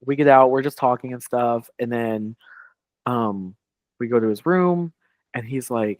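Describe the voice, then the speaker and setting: Male podcast co-host, mid-pitch, rambling anecdote, dry booth sound. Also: unhurried, no echo. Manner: rambling, heavy on "like", quoting others. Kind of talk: casual storytelling chat.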